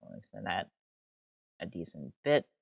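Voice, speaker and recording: A man's voice: low voice, expressive, measured pace, gravelly. Young man streaming, rambling, profane outbursts, dry close sound, no room echo. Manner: rambling, easily sidetracked, swears freely, exasperated outbursts. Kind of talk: casual live-stream commentary.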